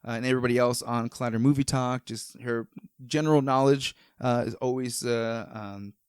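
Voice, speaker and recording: A man's voice: medium pitch, steady tone, moderate pace, clean tone, no echo, studio quality. A man hosting a podcast, chatting casually and rambling with enthusiasm, with many fillers and restarts. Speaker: podcast host. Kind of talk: casual chat.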